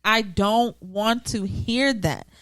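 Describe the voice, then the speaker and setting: A woman in casual podcast talk, speaking at a middle pitch, blunt and emphatic. The recording is dry and close to the mic. She drops curse words without hesitation. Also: takes it slowly, fairly bright tone, no room sound. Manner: blunt and emphatic, swears freely. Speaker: podcast co-host. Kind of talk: casual chat.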